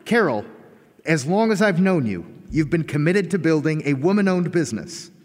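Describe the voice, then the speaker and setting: A man's voice: fairly high pitch, expressive, normal speed, close to an everyday voice. An actor playing a mild office right-hand man. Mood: sincere. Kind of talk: live radio drama acting. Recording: live stage recording, long hall reverb.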